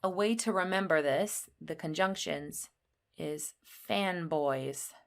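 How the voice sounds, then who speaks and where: Slow, careful woman teaching grammar. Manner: slow, clearly spelled-out teaching; acts out example sentences with lifted pitch. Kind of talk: grammar lesson.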